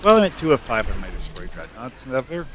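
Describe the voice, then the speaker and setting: A man chatting casually while playing a video game with friends, pausing often with fillers. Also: mid-range voice, very animated, a bit bright, slight background noise. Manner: halting, many fillers. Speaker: fleetmate player. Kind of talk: casual gameplay chat.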